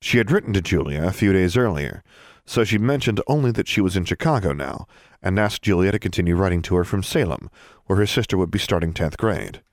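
A man with a very deep voice reads a fantasy novel aloud at a steady, even pace. The recording is dry and close, with no room sound. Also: a little fast, no room sound. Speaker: narrator. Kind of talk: audiobook narration.

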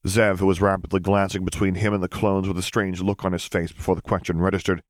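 A man narrating a serialized fan fiction story in a steady, even reading voice. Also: low voice, fast, hardly any pauses, dry recording, studio quality. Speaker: audiobook reader.

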